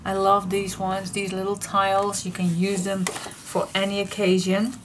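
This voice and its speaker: A middle-aged woman with a Dutch accent hosting a paper craft vlog, gushing and excitable, often repeating her delight. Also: medium pitch, unhurried, noisy background. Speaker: paper craft channel host.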